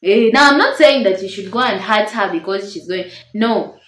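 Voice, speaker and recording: A woman's voice: medium pitch, animated, moderate pace, a bit bright, echoey room. A woman with a tender, small voice giving an earnest, encouraging devotional talk to camera. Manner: earnest, encouraging, stresses words. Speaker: Christian marriage-tips YouTuber.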